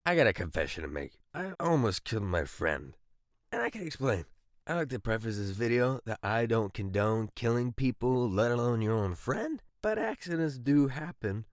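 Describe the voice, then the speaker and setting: A man's voice: mid-range voice, big pitch swings, moderate pace, dry recording, studio quality. A man in his twenties narrating comedic storytime anecdotes with crude, self-mocking humor.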